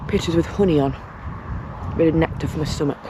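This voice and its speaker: A woman's voice: low-pitched, fast. A woman chatting casually to camera on a long countryside bike ride, talking to the animals she passes and to herself. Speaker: cycling vlogger. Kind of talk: casual vlog chat. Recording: outdoor wind and road noise.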